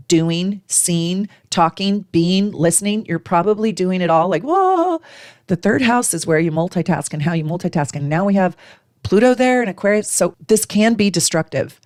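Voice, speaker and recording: A woman in her forties hosting an astrology talk, speaking with emphatic energy and acting out quick exchanges. Her voice sits on the low side and is recorded close and dry, with no room sound. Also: no room sound. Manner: emphatic, animated, acts out little dialogues in a higher voice. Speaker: astrologer host. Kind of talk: casual astrology talk to camera.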